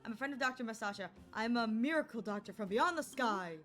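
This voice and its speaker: A playful woman comments on a game in a bright, sharp voice, pitched a little high. Game music plays faintly behind her. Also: quick pace. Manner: playful, animated, reads character lines aloud. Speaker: streamer.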